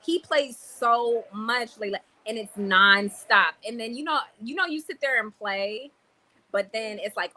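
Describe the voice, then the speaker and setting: A woman's voice: fairly high pitch, unhurried, rough recording. A woman hosting a casual livestream, reading viewer comments aloud and tossing in Spanish words as she talks. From Cuban roots. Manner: animated, mixes Spanish words into talk. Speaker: livestream host. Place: in a store in the Dominican Republic.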